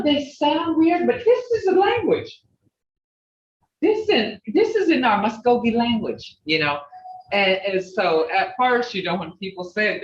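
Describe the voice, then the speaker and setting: Older woman teaching slowly over a video call. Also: medium pitch, recorded from a distance. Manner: slow, drilling syllables and laughing often. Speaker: language teacher. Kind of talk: online language class. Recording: dull roomy video call audio.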